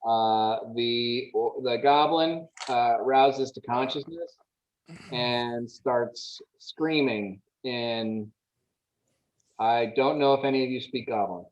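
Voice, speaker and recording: A man's voice: medium pitch, highs cut off. A man running a tabletop game as game master, talking casually with frequent restarts and fillers. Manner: halting, many restarts and fillers.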